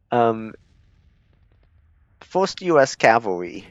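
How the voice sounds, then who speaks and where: Laid-back, slow-talking male gamer. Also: medium pitch, big pitch swings, a bit bright, dry recording. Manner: laid-back, chuckling, self-deprecating. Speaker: gaming streamer. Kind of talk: strategy gameplay commentary. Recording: slightly dull lo-fi recording.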